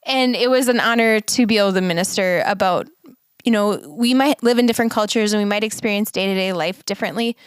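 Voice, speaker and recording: A woman's voice: medium pitch, quick pace, smooth, no room sound. A woman co-hosting a podcast, talking in an earnest, reflective way and laughing now and then. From United States. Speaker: podcast co-host. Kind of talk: casual chat.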